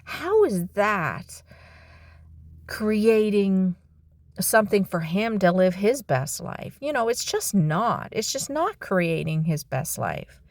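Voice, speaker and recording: A middle-aged woman talking to camera in a personal, reflective vlog, heartfelt and halting, with sighs and restarts. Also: mid-range voice, expressive, darkish tone, no echo. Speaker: vlogger.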